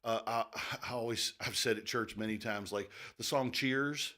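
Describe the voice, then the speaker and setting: A man co-hosting a radio talk show, explaining things in a relaxed way with many fillers. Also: medium pitch, normal speed. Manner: relaxed, thinking aloud with fillers. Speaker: radio co-host. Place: radio studio.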